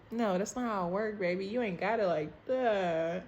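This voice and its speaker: A woman's voice: medium pitch, moderate pace, hardly any pauses, a little mellow, slight background noise. A young woman telling a dating story over a phone video call in a candid, chatty, profane way, calling her listener "girl" and "baby". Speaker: storytime vlogger.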